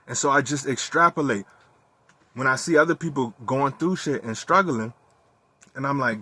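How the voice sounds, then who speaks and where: A young man talking candidly in a personal monologue, profane and animated as he tells his story. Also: on the high side, no room sound. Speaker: vlogger.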